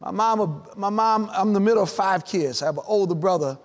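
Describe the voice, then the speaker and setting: A male pastor, preaching a sermon with dramatic pauses and building, repeated lines. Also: high voice. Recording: long hall reverb.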